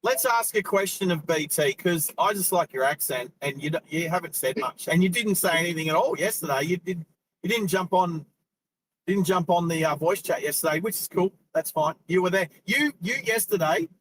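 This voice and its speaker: A talkative Australian man in middle age, his voice sitting high as he rambles along. He hosts a live stream while driving and chats loosely, laughing often. Faint car noise hums behind him. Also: normal speed, fairly bright tone, rough recording. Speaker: host. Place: inside a car.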